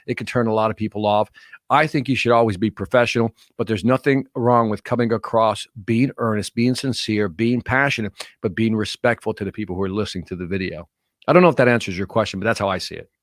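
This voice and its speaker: A middle-aged man, a motivational speaker guesting on a podcast, talking in an earnest, energetic storytelling manner. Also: fairly low pitch, fast, dry recording, studio quality. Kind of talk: casual podcast interview.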